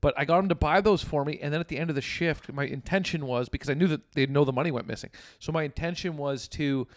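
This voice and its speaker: A man's voice: on the high side, fast talker, no room sound, clean studio sound. A young Canadian man co-hosting a comedy podcast, telling rambling, profane stories in casual chat. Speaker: podcast co-host.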